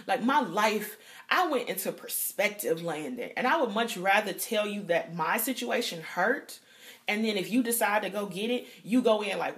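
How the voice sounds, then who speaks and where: A young woman, telling a personal story in a vlog, animated and acting out quotes, sometimes dropping to a whisper. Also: mid-range voice, normal speed. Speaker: vlogger.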